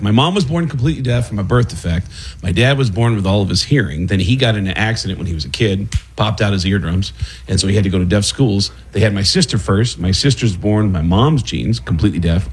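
A man, a comedian known for voices, chatting as a guest and telling animated stories about his work. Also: lowish voice, breathy edge. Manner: animated storyteller who slips into impressions. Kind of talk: casual radio interview chat.

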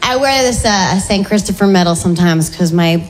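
A woman doing stand-up comedy in a halting, chatty way full of fillers. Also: lowish voice, long reverb tail.

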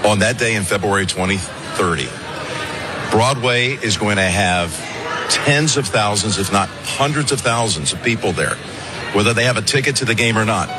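A man with the polished, confident delivery of a sports broadcaster gives a formal public announcement. His voice sits mid-range and sounds emphatic. Loud music plays under this archived clip. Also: on the low side, moderate pace.

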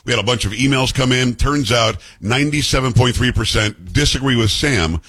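A man hosting a call-in radio talk show, brash and argumentative, teasing his callers and co-host, with a husky voice. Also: mid-range voice, fairly quick, a bit bright.

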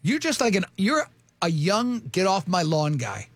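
High gravelly talk-radio host. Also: male voice, measured pace, no room sound. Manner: animated, jokey storyteller. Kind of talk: casual studio banter. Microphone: studio mic.

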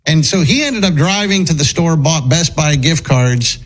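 A man's voice: fairly high pitch, animated, moderate pace, low-quality recording. A man hosting a talk show, mocking and incredulous, acting out what others said. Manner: mocking, incredulous, acts out quotes. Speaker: show host. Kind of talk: casual radio-style talk.

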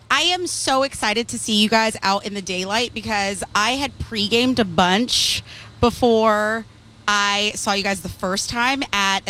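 A woman's voice: fairly high pitch, pushed and bright, slight background noise, low-quality recording. A woman radio host doing a bubbly, teasing casual interview at an outdoor event. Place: outdoor yard sale event.

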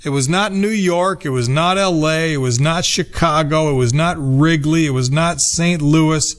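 A man in his fifties from Minnesota reading a nostalgic personal essay in a measured, reflective way. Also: fairly high pitch. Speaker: narrator. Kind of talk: scripted personal essay narration.

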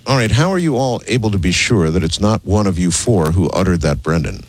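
Male host, very low voice with lively swings in pitch, skeptical interviewer. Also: a little fast. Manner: skeptical, probing questions. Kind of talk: radio interview.

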